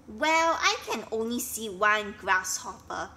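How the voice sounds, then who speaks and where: A woman voicing Gru, a small flying animal in a storybook who croaks and takes charge. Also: mid-range voice, expressive, slow pace, sharp tone, slight background noise, heavily acted. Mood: announcing.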